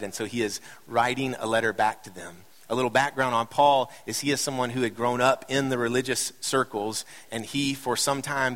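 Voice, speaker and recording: Middle-aged pastor preaching in a hall. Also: male voice, medium pitch, a bit bright. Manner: conversational, builds to impassioned emphasis; light joking asides. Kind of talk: sermon. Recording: reverberant hall.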